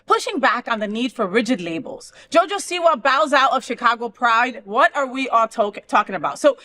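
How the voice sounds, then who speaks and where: A chatty woman from New Jersey hosts with a joking, easygoing manner. Her voice sits high and sounds bright and forward. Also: lively intonation, fairly quick. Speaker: host. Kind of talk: casual chat.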